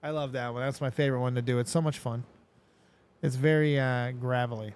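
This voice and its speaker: A man hosting a casual show, talking in a rambling, profane, excitable way. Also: mid-range voice, fairly quick, smooth. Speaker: host. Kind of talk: casual chat.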